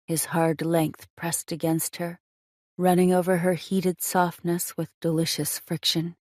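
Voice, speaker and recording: A woman's voice: on the low side, flat delivery, measured pace, darkish tone, no echo, studio quality. A woman narrating a romance audiobook in a scripted reading style.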